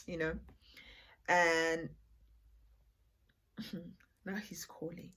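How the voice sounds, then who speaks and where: A woman's voice: on the low side, measured pace. A young woman telling a casual storytime, rambling and chatty and mixing in Setswana phrases. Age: young adult. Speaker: vlogger.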